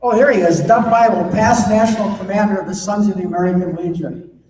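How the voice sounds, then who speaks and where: A man making halting recognitions of guests at a convention podium, rambling with restarts. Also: high-pitched. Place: large convention hall. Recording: echoey convention hall, noise.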